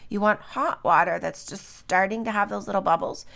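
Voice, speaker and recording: A woman's voice: medium pitch, moderate pace, vocal fry, a bit bright. A middle-aged woman hosting a solo podcast at home, chatty and loose, full of fillers and little tag questions. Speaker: podcast host. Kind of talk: solo podcast talk on herbs. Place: home, early morning.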